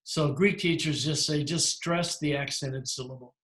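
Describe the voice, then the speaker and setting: A man's voice: a little high, normal speed, a bit bright, reverberant. A man teaching a language class, explaining at length with frequent restarts and self-corrections. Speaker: Greek teacher. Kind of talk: lecturing in a class.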